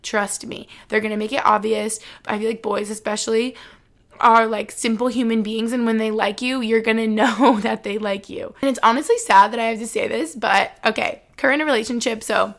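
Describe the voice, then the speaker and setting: A woman's voice: a little high, fairly even intonation, normal speed, fairly bright tone. A young adult woman vlogger chatting casually to camera, giving earnest advice and saying "like" often.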